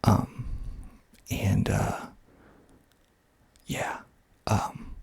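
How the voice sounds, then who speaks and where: A man from Georgia with a Southern accent, whispering slowly and softly into a close mic in an ASMR video, with fillers along the way. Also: no room sound. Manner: slow, soft-spoken whispering with fillers. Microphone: close mic, pops on plosives.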